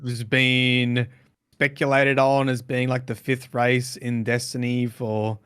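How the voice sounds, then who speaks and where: A man co-hosting a casual podcast, thinking out loud with many fillers and restarts. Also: mid-range voice, little pitch movement, slow pace, clear, resonant tone, no echo, clean studio sound. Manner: speculative, hedging with fillers. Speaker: podcast co-host. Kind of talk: casual chat.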